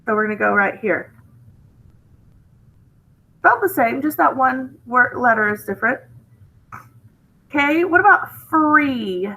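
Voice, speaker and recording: Slow, bright-voiced woman teacher. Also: high voice, expressive, gravelly, poor audio. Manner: slow, patient, drawing out each word. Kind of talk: spelling lesson for young students.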